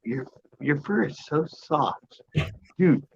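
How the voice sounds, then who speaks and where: A man voicing a laid-back male wild cat who calms a friend in an easygoing drawl. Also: fairly high pitch, takes it slowly, creaky, lo-fi sound, a little hiss or hum, pitched above the performer's own voice, full character voice. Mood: soothing.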